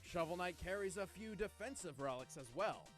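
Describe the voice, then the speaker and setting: A man's voice: high-pitched, animated, moderate pace, soft background music. An actor playing a brainy male co-host who lays out facts in an explaining tone, from a web show played back. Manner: expository, dry explaining tone.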